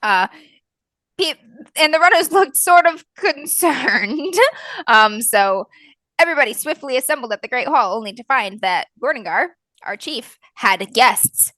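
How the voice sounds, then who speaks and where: A woman's voice: high-pitched, expressive, unhurried, sharp tone, dry recording. Giggly woman recapping the last session. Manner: laughs through her sentences, swears casually. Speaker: player. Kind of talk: casual recap of a tabletop session.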